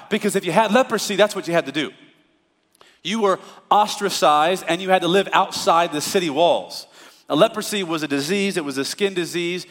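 A pastor preaching a sermon in a conversational style that climbs into emphatic, rising bursts. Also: male voice, high-pitched, fairly bright tone, big-room sound.

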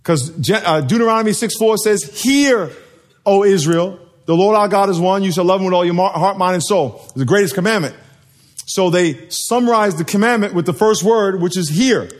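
A man's voice: sits high, normal speed. A man preaching a sermon to a live congregation, joking and quizzing the people in front of him. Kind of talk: sermon with call and response.

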